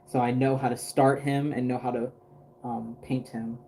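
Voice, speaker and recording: A man's voice: medium pitch, level tone, moderate pace, warm tone, a little hiss or hum. A man chatting casually on a livestream while he paints a doll, rambling with lots of fillers and restarts.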